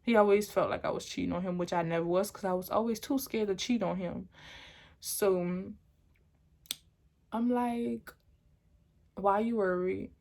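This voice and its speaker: A woman's voice: medium pitch, moderate pace, vocal fry, pauses often. Young woman rambling through a storytime. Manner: animated, rambling storytelling with many restarts. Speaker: vlogger. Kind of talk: storytime vlog.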